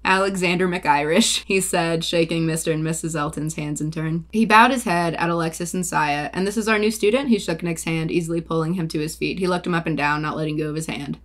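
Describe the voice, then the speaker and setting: Young woman reading her old novel out loud, lowish voice, laughs and pokes fun at her own writing. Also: fast, few pauses. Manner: reads plainly, breaks off to laugh and joke about her writing. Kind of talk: casual read-aloud with asides.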